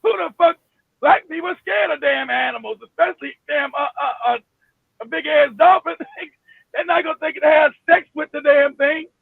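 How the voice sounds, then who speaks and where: A man with a very high, gravelly voice rants heatedly at his live-stream audience, swearing freely and breaking into shouts. The sound is narrow and phone-like, dry and close, with no room around it. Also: normal speed, no echo. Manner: emphatic, profane, bursts into shouting; repeats himself, many restarts. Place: home in Florida.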